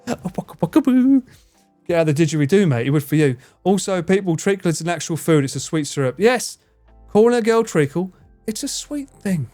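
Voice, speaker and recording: Essex male streamer, lively teasing banter, frequent swearing and laughs, slightly high voice. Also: brisk, faint music behind. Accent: English, Essex. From England. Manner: swears a lot, laughs often, animated and teasing. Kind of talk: casual live-stream chat with viewers.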